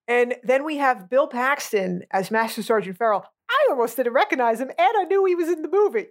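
A woman's voice: sits high, animated, fairly quick. A woman co-hosting a podcast, chatting casually about a movie in a blunt, sarcastic, sweary way. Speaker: podcast co-host.

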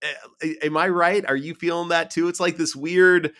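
A man's voice: on the high side, fairly even intonation, bright, forceful tone. A man co-hosting a casual sports podcast, chatty and self-mocking, running through lists of numbers. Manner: loose and self-mocking, reads stats in quick lists. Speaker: podcast co-host.

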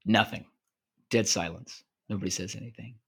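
A man's voice: lowish voice, normal speed, breathy edge. A man co-hosting a podcast, telling jokes in casual chat with lots of fillers and restarts. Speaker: podcast co-host.

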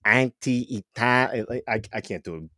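A man hosting a football podcast in casual chat, animated and often restarting his words. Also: mid-range voice, moderate pace, no room sound, clean studio sound. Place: home room with TV on.

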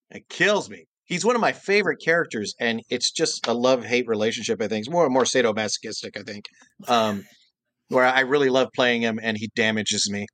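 A man's voice: lowish voice, a little fast, no room sound. A middle-aged man, a voice actor, chatting casually on a podcast and acting out lines in character voices. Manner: animated, acts out quotes in character voices. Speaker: voice actor guest.

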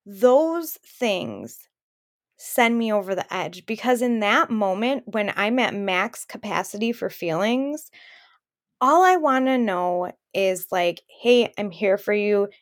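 A woman's voice: mid-range voice, lively intonation, slow. A woman co-hosting a podcast, telling a personal story in an open, emotional way. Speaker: podcast co-host. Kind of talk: casual chat.

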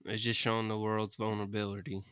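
A man's voice: on the low side, level tone, quick pace, a crowd in the background. A man co-hosting a podcast, chatting casually and ranting bluntly with lots of profanity. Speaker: podcast co-host. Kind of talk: casual chat. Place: Houston.

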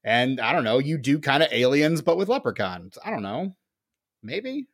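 A man's voice: mid-range voice, big pitch swings, moderate pace. A man co-hosting a podcast in casual chat, joking and rambling with lots of fillers. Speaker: podcast co-host.

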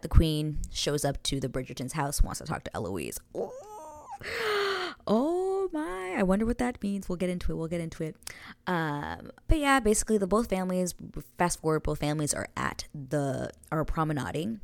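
A woman's voice: low-pitched, gravelly, no echo. A young woman casually recapping a TV episode, chatty and gushing, sometimes dropping to a whisper. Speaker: show recap host.

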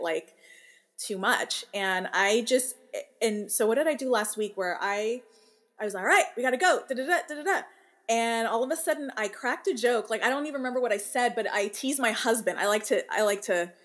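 A woman in her thirties, a working mother and podcast guest, telling family stories in a lively way and laughing as she talks. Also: mid-range voice. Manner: animated storyteller, laughs while talking. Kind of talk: casual interview chat.

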